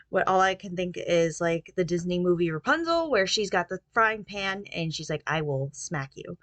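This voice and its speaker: A woman with a lowish voice chatting through a book's plot for her channel, loose and rambling, leaning on fillers as she goes. The recording is dry and close. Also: fairly bright tone, no echo. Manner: rambling retelling with many fillers. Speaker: book reviewer. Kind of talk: casual book recap.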